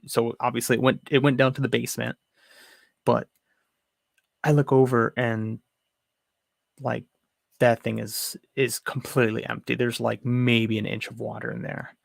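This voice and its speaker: A man's voice: medium pitch, little pitch movement, moderate pace, creaky, long pauses, dry recording, studio quality. A young man telling a frustrated, rambling story in a casual home vlog. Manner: rambling, restarts, frustrated retelling. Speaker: aquarium hobby vlogger. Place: home room.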